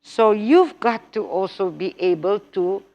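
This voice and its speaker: A woman instructor giving a workshop lecture on English test preparation, animated, repeating key points with rhetorical questions. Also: mid-range voice, a little slow, muffled recording. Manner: acts out example phrases with exaggerated intonation.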